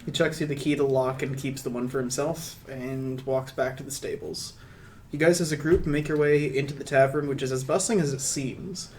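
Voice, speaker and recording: A man narrating a tabletop game as game master, relaxed and rambling, with casual asides. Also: medium pitch, fairly quick, a little hiss or hum.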